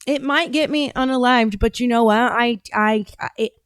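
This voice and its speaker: A blunt, rambling woman hosting a political talk show, often breaking off and restarting her sentences. Her voice sits fairly high, and the sound is close and dry with no room echo. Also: moderate pace, a bit bright. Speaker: podcast host and political candidate. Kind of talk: casual political commentary.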